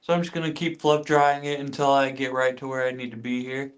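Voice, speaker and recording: The livestream host speaks fairly quickly with a flat delivery in a medium-pitched voice. He keeps the stream casual, chatting with viewers, greeting them by name, repeating phrases, and demonstrating his beard care routine.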